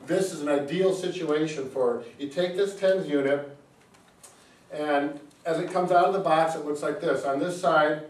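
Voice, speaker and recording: A man's voice: a little high, normal speed. A man, a physical therapist, gives a casual product demonstration and explains things step by step with frequent fillers. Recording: echoey room, mic at a distance.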